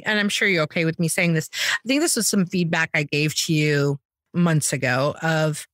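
An American woman co-hosting a sales podcast, talking in a quick, punchy way that jumps up in pitch when she stresses a point. Her voice is on the low side and close to the mic, dry with no room echo. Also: a bit bright. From United States. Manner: emphatic, quick, rising pitch on key points. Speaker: podcast co-host, sales trainer. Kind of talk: casual chat.

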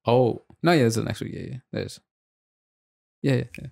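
A man's voice: medium pitch, fairly quick, vocal fry, a little mellow. A young man hosting a casual podcast chat, laid-back and teasing, with plenty of slang and swearing. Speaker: podcast host.

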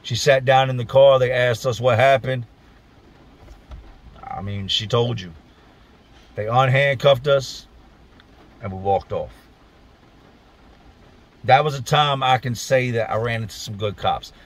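A man at a middle pitch telling a story straight to his viewers, blunt and profane, with plenty of street slang. He talks the way he would to friends, loose and unpolished. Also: unhurried, long pauses. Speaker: storyteller, channel host. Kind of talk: casual spoken storytelling.

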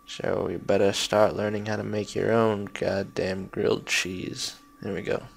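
A young man narrating his gameplay with a gravelly, creaky voice. He talks at an unhurried pace but keeps breaking into frustrated curses and sarcastic remarks at the game. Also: lowish voice, level tone, a little hiss or hum. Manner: swearing, frustrated outbursts and sarcastic asides. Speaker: gameplay commentator. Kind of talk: let's play commentary.

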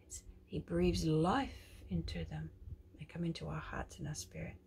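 A woman minister delivering a prophetic message in a hushed, tender, reverent way, often dropping to a whisper and lingering on her words. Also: low voice, steady tone, normal speed, gravelly, slight background noise.

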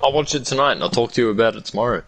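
A man's voice: medium pitch, lively intonation, rapid-fire, fairly bright tone, rough recording. A young man from Australia with a put-on Irish accent, chatting casually while gaming, brash and swearing in mock-aggressive banter. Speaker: gaming streamer.

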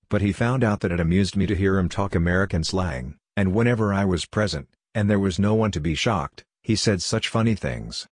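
A man reading an audiobook aloud in a steady, gentle storytelling manner. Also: sits low, no room sound, studio quality. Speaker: audiobook reader. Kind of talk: audiobook narration of a letter.

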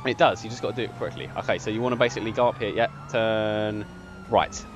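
A young man giving casual gameplay commentary, excitable and bossy when he directs his friend, and laughing often. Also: on the low side, fast, dull audio. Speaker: gaming channel host.

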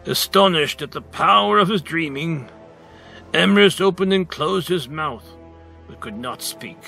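A male storyteller reads a picture book aloud, slowly and dramatically, leaning on key words. His voice sits a little high with a gravelly texture. Music plays clearly underneath. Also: expressive, bright, forceful tone. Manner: dramatic, slow, emphatic narration. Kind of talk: expressive read-aloud storytelling.

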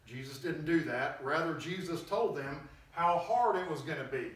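A man's voice: fairly high pitch, normal speed, few pauses. A male preacher giving an emphatic, conversational sermon and acting out quoted voices, recorded in a church hall. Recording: very echoey hall, distant mic, faint noise.

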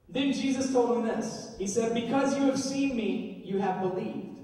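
A man preaching as a youth pastor, in a lively, casual way to young people, in a large church hall. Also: extremely high pitch, moderate pace. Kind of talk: sermon. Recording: echoey hall from far off.

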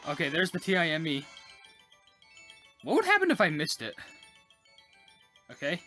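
A gaming YouTuber giving casual let's-play commentary, talking to themself and the viewers with quick, frustrated outbursts. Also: medium pitch, huge pitch swings, bright, forceful tone, faint music behind. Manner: chatty, talks to self while playing, quick frustrated exclamations.

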